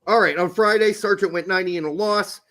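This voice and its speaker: A man's voice: high-pitched, quick pace, pushed and bright, a little hiss or hum. A man hosting a casual sports talk show, ranting in a heated, profane way. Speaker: podcast host.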